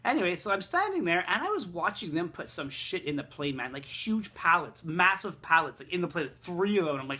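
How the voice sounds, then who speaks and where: A vlogger telling a rambling, profane, exasperated travel story. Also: male voice, a little high, expressive, a little fast, bright, forceful tone. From Quebec, Canada. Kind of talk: casual storytelling rant.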